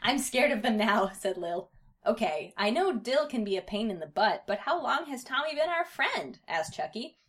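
A woman's voice: sing-song, moderate pace, fairly bright tone. A woman hosting a comedy show, reading a story aloud with put-on voices and frequent laughter. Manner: reads baby characters in put-on high voices, laughs often. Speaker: podcast host reading fan fiction aloud.

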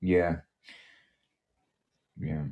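A man's voice: sits low, little pitch movement, drawn-out words, narrow, tinny audio. A man chatting casually in a group voice call, rambling and swearing freely.

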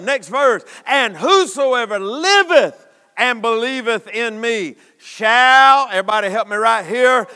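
A man preaching a sermon, building to shouted emphasis with long dramatic pauses. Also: very high-pitched, animated, clear, resonant tone. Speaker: pastor. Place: church sanctuary. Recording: long reverb of a church hall.

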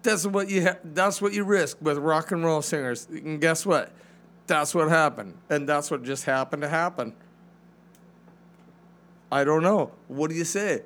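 A man co-hosting a casual podcast, loud and stubborn, rambling as he argues. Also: a little high, a little slow. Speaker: podcast co-host.

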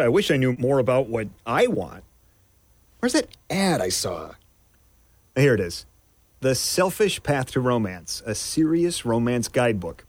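Wry male voice for a comedic radio ad, played by a man; animated and dry. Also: mid-range voice, dry recording. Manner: musing, wry. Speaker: ad voice actor.

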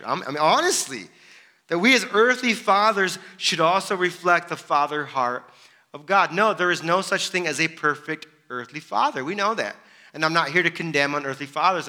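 Guy preaching, really bright voice, keeps asking questions back at you. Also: high-pitched. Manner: animated, asks rhetorical questions. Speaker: pastor. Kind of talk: sermon.

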